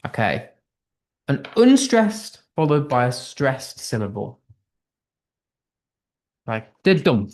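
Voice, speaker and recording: A man's voice: mid-range voice, very animated, slow pace, pauses often, a little mellow. A man with a British accent teaching an online English class, upbeat and thinking aloud as he reads out quiz answers. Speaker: English tutor.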